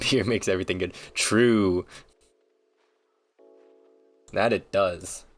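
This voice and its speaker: A man's voice: low voice, fairly even intonation, slow pace, soft background music. A man streaming, ranting casually in a rambling, joking, foul-mouthed way. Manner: rambling, profane, joking rants.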